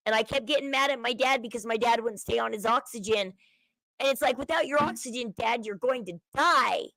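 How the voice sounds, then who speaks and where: A woman's voice: on the high side, gravelly, fairly bright tone, no room sound, poor audio. A woman with a Southern accent, livestream host chatting casually to her viewers, with a chatty valley-girl way of talking.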